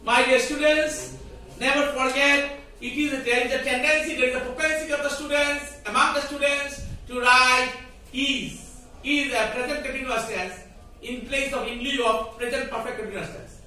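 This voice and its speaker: High-voiced man teaching in an echoey classroom. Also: fairly even intonation, moderate pace, pushed and bright, distant mic, slight background noise. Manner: repetitive, questioning, drills students in call-and-response. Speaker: English teacher. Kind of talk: classroom grammar lesson. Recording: very echoey room, voice from afar.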